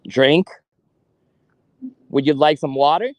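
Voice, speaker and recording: A man's voice: a little high, no room sound. Man coaxing spirits in a dry, close sound. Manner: slow, coaxing questions with long pauses. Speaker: ghost hunt investigator. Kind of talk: paranormal investigation, talking to spirits. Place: cemetery at night.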